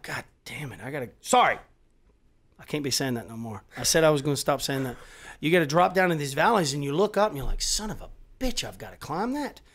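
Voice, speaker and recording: A middle-aged man in casual conversation, his voice sitting a little high. He swears freely and gets louder and more worked up as he drives his points home. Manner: animated and profane, swears often, voice rising as he gets worked up. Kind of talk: casual chat.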